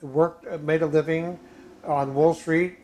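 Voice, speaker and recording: An older man co-hosting a casual chat, halting with many fillers and restarts, dropping jokey asides. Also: fairly high pitch, steady tone, darkish tone, a little hiss or hum. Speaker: co-host.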